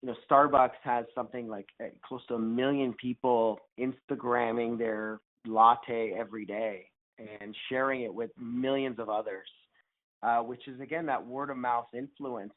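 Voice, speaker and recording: A man, a startup founder as guest, answering interview questions over a call in a rambling way, often restarting his sentences. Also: medium pitch. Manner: rambling with many restarts and fillers. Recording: tinny phone-line audio.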